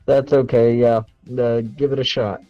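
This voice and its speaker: A man's voice: mid-range voice, flat delivery, measured pace, lo-fi sound, faint music behind, close to an everyday voice. A man voicing a composed, laid-back male adventurer in a casual way. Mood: relaxed.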